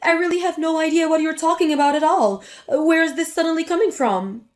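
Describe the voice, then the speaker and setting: A woman's voice: very high voice, a little fast, faint music behind. A woman voicing a spiteful, scornful older mother-in-law in a dramatic story reading. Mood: defensive. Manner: sneering, contemptuous.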